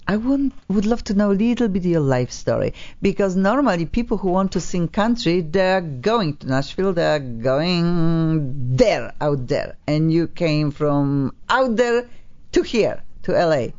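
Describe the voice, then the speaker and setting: A woman's voice: fairly low pitch, animated, measured pace, darkish tone. A woman hosting a radio talk show in a studio, chatting playfully with guests, stretching words for emphasis and sounding a bit sleepy. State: sleepy, low on energy. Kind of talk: casual radio chat. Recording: slightly dull radio broadcast sound.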